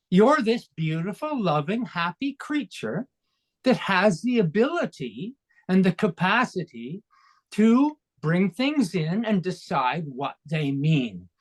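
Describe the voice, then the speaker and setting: A man in his sixties from Canada, a coach and speaker, talking as an interview guest in an emphatic, fervent motivational way. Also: high-pitched. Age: 60s. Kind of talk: interview conversation.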